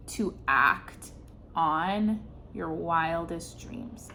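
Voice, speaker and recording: A woman's voice: medium pitch, a bit bright, slight background noise. A woman giving an intuitive tarot reading, earnest and searching for words with many fillers. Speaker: tarot reader.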